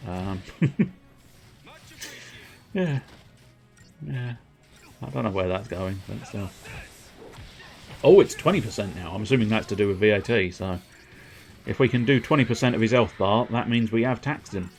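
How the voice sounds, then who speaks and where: A man's voice: lowish voice, normal speed, long pauses, soft background music. A man streaming a game, rambling through self-mocking, sweary commentary at his desk mic. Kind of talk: casual gameplay commentary.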